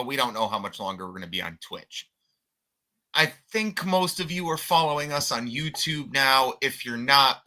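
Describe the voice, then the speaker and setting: Very bright-voiced podcast host plugging. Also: male voice, mid-range voice. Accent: Michigan. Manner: plugs the channel, blunt and cussing. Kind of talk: casual podcast chat.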